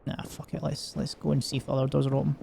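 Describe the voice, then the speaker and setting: A man's voice: medium pitch, monotone, quick pace, creaky, noisy background. A young man with a semi-Glaswegian Scottish accent, chatting casually and jokily with lots of fillers while streaming a game. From Scotland. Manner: rambling, jokey, many fillers. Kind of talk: casual chat while gaming.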